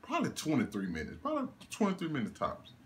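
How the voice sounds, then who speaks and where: Animated laughing young man reviewing a movie. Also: on the high side, fast, slight background noise. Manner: animated, laughing, incredulous rants with swearing. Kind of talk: casual one-take movie review.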